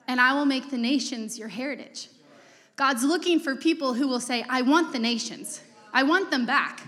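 A young woman delivers a sermon in a loose, conversational manner, full of asides. Her voice sits a little high. The sound carries a long hall reverb. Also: a bit bright. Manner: casual, conversational preaching with fillers and asides. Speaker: preacher.

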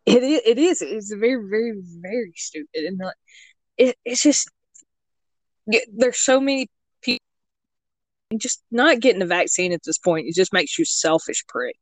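A woman speaks in relaxed podcast chat, blunt in her views and quick to laugh along. Her voice sits at an ordinary middle pitch. The recording is close and dry. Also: no room sound. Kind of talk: casual chat.

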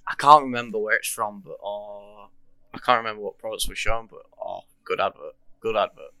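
A man's voice: on the low side, a little fast, sharp tone, no room sound. A young man co-hosting a podcast in casual chat, laid-back and slangy, often trailing off mid-thought. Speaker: podcast co-host.

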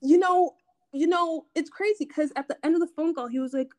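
A young woman co-hosting a podcast, telling a story in casual chat, animated and laughing often. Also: high-pitched, fast talker. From family from Nigeria. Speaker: podcast co-host.

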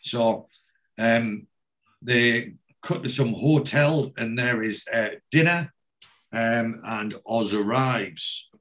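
A man's voice: medium pitch, slow, fairly bright tone. Chatty man retelling a TV episode. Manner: chatty, profane, does voices.

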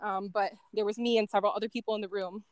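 A woman's voice: mid-range voice, fairly even intonation, rapid-fire, clear, resonant tone. A woman being interviewed, telling a story casually, with lots of "like" and "um" and small laughs between thoughts. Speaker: guest, former end-of-life caregiver.

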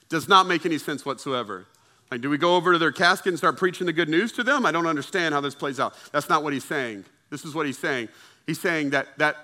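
A man's voice: on the high side, animated, fairly quick, sharp tone. A male pastor preaching a sermon in a conversational way, acting out the voices of friends and coworkers to make his point. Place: church service with congregation.

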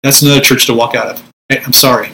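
A man's voice: mid-range voice, fairly even intonation, fast, creaky, pushed and bright, a little hiss or hum, poor audio. A middle-aged man, a Pentecostal minister, teaching spiritual warfare in a conversational preaching style, acting out prayers in a commanding voice.

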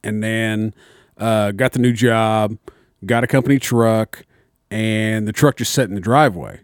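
A man's voice: lowish voice, measured pace, dry recording, studio quality. A young man, a little tipsy, telling a long profane story in casual chat. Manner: rambling, profane storyteller, acts out voices. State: slightly tipsy.

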